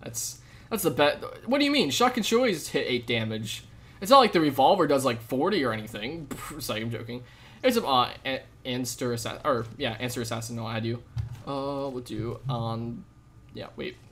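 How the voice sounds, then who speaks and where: A young man live-streaming a game, chatting with viewers in a jokey, rambling way with sudden loud outbursts. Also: mid-range voice, animated, normal speed, slight background noise. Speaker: gaming streamer. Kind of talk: live gameplay commentary with chat.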